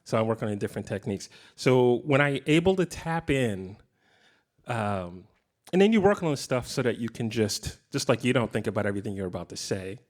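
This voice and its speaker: A middle-aged man giving a casual guitar clinic in a guitar shop, talking in a relaxed, rambling way with many fillers. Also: medium pitch, fairly quick. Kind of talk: casual teaching talk. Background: guitar playing.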